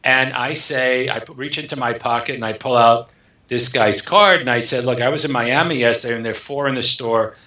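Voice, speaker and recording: Brief: male author guest, bright tone, lively storyteller who acts out dialogue, echoey and dull recording. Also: medium pitch, fairly quick. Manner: animated storyteller acting out dialogue. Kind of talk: storytelling interview.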